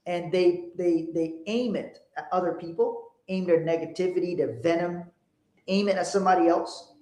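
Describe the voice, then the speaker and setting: A middle-aged man hosting a casual motivational talk, rambling with frequent restarts and growing animated when he tells stories. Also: sits high, roomy sound. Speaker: podcast host.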